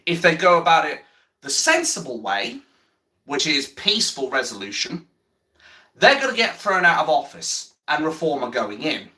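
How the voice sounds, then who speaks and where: Fairly high in pitch, with wide swings and a moderate pace, his voice sounds pushed and bright. He rants bluntly about politics during a livestream, repeats himself, swears a lot, and pauses to address viewer chat.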